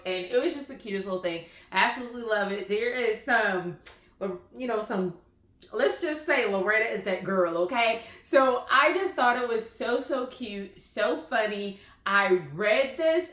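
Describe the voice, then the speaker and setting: Chatty woman reviewing books, roomy echo. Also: mid-range voice. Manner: chatty, animated, lots of "like" fillers. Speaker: book vlogger. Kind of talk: casual book review chat.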